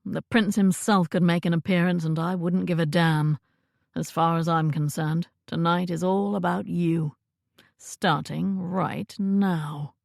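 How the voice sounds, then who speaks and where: A woman's voice: on the low side, fairly even intonation, unhurried, creaky, a little mellow, no room sound, clean studio sound. A woman voicing an ardent Regency earl. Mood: fervent. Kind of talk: audiobook character voice.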